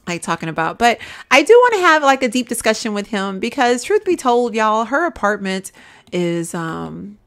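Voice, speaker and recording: A woman's voice: a little high, big pitch swings, normal speed, fairly bright tone. A woman hosting a casual let's-play, chatting to viewers and calling them y'all. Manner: chatty, addresses viewers as y'all, breaks into laughter. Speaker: gaming channel host.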